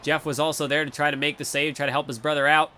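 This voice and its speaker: A young man doing play-by-play commentary over a wrestling video game, excitable and rambling, often correcting himself mid-sentence. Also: fairly high pitch, fast talker, slight background noise.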